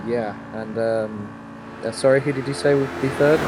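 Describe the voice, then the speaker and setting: A man's voice: mid-range voice, fairly even intonation, moderate pace, background noise. A man co-commentating an endurance sim race, hesitant with many fillers, reading out gaps and chat messages. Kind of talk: live sim-racing commentary.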